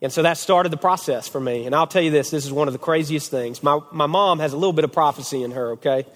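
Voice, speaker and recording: A young man in his twenties preaching a sermon, telling a personal story with animated, acted-out quotes. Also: fast talker. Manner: animated storyteller, acts out quotes with big pitch swings. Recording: long hall reverb.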